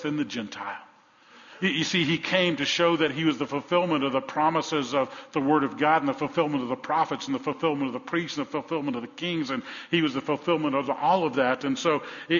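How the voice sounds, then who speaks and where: A man's voice: on the high side, brisk, a bit bright. A man preaching a sermon as pastor. He talks earnestly, repeats his words and asks his listeners questions. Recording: echoey hall, dull lo-fi sound.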